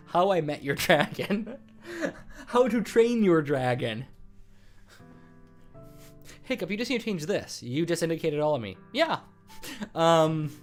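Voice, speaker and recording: A man hosting a live stream, chatting casually with viewers in a rambling, teasing way and laughing often. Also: mid-range voice.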